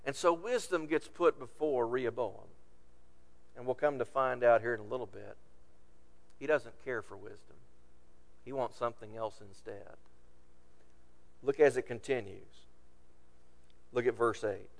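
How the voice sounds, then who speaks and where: A man's voice: medium pitch, a little slow, creaky, pauses often, big-room sound. A man preaching a sermon, reading scripture aloud and retelling it in plain everyday words.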